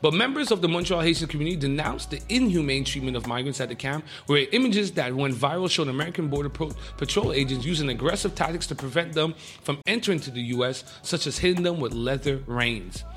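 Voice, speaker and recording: A man hosting a radio show, reading the news in a casual, excitable way with jokey asides. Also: fairly high pitch, fast, few pauses, soft background music.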